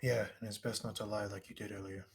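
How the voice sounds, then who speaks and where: A man playing a tabletop game who gives steady, commanding orders in character. His voice sits on the low side. Faint music plays in the background. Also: quick pace, creaky. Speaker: player. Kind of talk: tabletop role-play.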